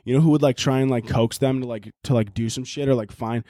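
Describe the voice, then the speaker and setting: A man's voice: medium pitch, fairly even intonation, quick pace, dark tone, dry recording, clean studio sound. A man hosting a podcast, riffing in a rambling, profane, comedic monologue and laughing often. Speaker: podcast host.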